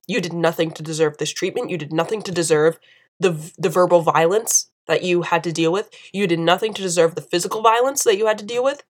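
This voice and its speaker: Young woman podcaster, earnest + emotional, keeps repeating for emphasis. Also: fairly low pitch. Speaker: podcast host. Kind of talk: impassioned solo commentary.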